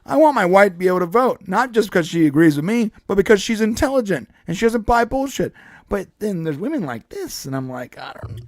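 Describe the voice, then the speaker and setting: A man's voice: high voice, very animated, brisk, no room sound, studio quality. A man hosting a casual political podcast, talking bluntly and profanely and slipping into put-on voices when he tells a story. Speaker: podcast host.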